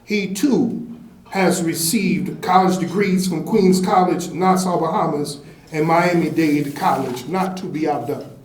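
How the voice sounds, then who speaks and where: A man's voice: a little high, unhurried. A man speaking into a microphone at a banquet, introducing an award recipient and telling a parable with emphatic, repetitive phrasing. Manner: emphatic storyteller, repeats phrases to build momentum. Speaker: fraternity member giving an award introduction. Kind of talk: banquet speech with a told parable. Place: indoor banquet hall. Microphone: handheld microphone. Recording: echoey banquet hall, faint background noise.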